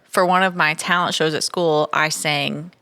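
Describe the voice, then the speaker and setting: A woman co-hosting a casual chat about music, relaxed and quick to laugh. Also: low-pitched, clear, resonant tone. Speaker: co-host.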